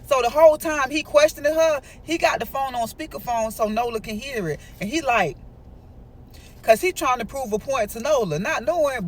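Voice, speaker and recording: A woman with a high voice narrating a casual storytime. She is chatty and emphatic, stopping now and then to lecture her listeners directly. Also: lively intonation, normal speed.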